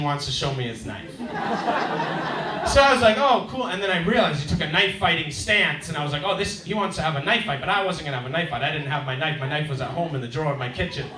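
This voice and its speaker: A man doing a stand-up set, telling a wry story and acting out his neighbours in loud voices. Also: a little high, very noisy. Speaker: stand-up comedian. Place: comedy club stage. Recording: roomy club sound, heard from a distance.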